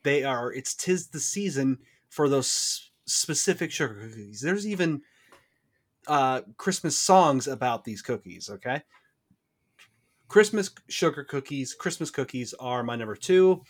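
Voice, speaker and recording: A man's voice: mid-range voice, expressive, unhurried. A man co-hosting a casual podcast chat, playful and mock-outraged. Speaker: podcast co-host.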